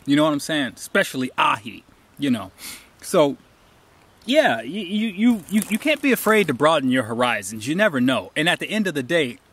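Pitch fairly high and swinging widely, this man talks at a normal speed with a slightly bright, breathy voice. A hiker vlogger out on a trail, he tells rambling stories and offers emphatic advice and asides, all captured on a handheld camera.

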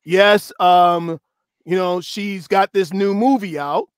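A male host in casual discussion, animated, laughing often and drawing out quoted words slowly for emphasis. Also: sits high, clear, resonant tone, dry recording, clean studio sound.

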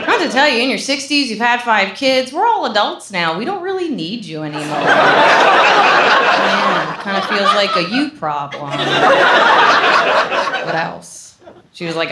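A woman in her thirties doing a stand-up comedy set with a dry, deadpan delivery and hesitant restarts, into a handheld stage mic. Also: mid-range voice, measured pace. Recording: echoey room with audience noise.

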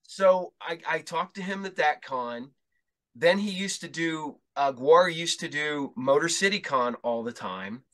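Bright-voiced man telling rambling stories. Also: on the high side, animated, measured pace. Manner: rambling anecdotes with profanity and quoted dialogue. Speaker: podcast host. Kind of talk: casual storytelling chat.

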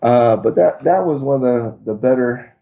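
His voice sits in the mid range, warm in tone and moving at a moderate pace. This middle-aged martial arts instructor spins a lengthy interview story full of fillers and false starts, joking at his own expense as he goes.

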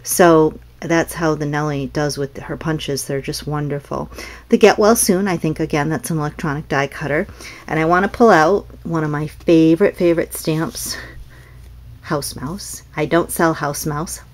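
A middle-aged woman from North Carolina, US, with a low voice, shows off customer cards as a craft seller in a casual show-and-tell vlog. She's chatty and meandering, unscripted and friendly, often restarting sentences and filling gaps with ums, at normal speed with fairly even intonation.

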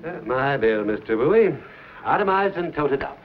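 An actor playing a pompous, grandiose stage tragedian in a 1950s TV western, with haughty, declamatory speech. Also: male voice, mid-range voice, big pitch swings, fairly quick, over music, natural voice. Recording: dull lo-fi 1950s TV soundtrack.

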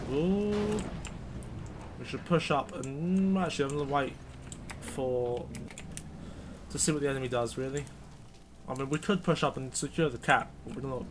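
A man's voice: on the high side, noisy background. Rambling man reviewing a game. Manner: rambling, self-correcting. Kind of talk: gameplay commentary.

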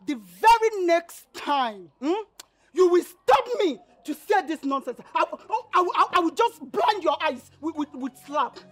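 A woman's voice: very high voice, animated, measured pace. An actress playing a fiery young village woman with a Nigerian accent who scolds and insults a man. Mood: angry. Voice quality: sharp, scolding. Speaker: actor.

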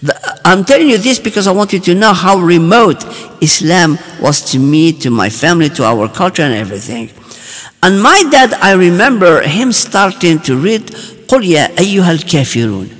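Male storyteller, high and swooping, halting animated testimony delivery, long reverb on the track. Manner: animated, chuckling, halting restarts.

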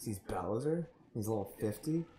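A man's voice: on the low side, expressive, normal speed, crowd noise. A man streaming a fighting game with a friend, bantering and joking sarcastically. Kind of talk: casual gaming chat. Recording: echoey room, faint background noise.

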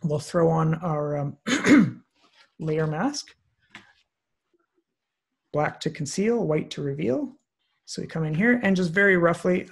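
A man walking through a photo compositing tutorial on screen, relaxed and thinking aloud with many fillers. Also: on the high side, vocal fry, breathy edge. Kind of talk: screen-share software tutorial. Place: online presentation, recorded at his computer.

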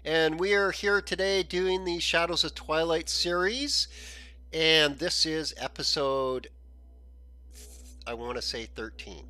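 A man hosting a gaming channel, chatting casually as he plays, thinking aloud and often clearing a frog in his throat. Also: on the high side, takes it slowly, pushed and bright, no room sound. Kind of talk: casual gameplay commentary.

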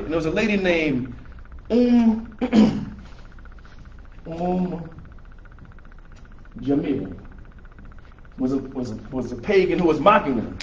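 Man explaining scripture, slightly high voice. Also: animated, slow pace, pauses often, lo-fi sound. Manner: conversational, rephrasing verses in plain words. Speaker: religious teacher. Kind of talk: explanatory Quran class. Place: room with a small audience, filmed by camera.

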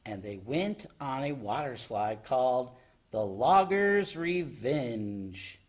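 Slow, animated storytime reader, a man. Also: medium pitch. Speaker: children's librarian. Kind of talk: reading a picture book aloud. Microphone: home recording.

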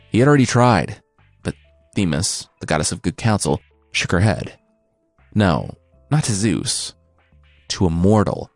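A man narrating myths for a podcast with wry, deadpan asides. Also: low-pitched, dry recording. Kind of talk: comic mythology storytelling.

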